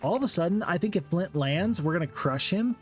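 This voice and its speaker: A man's voice: high voice, a little fast, soft background music. Chatty man doing gameplay commentary. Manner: chatty, jokey, excitable outbursts. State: tired, late at night. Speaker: gaming commentator. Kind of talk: casual let's-play commentary.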